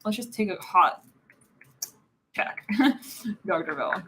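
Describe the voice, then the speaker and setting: Giggly woman rambling through a live tarot reading, bright voice, faint hiss behind. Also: lowish voice, lively intonation, takes it slowly. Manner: rambling, giggly, says "it's like" constantly. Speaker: tarot reader.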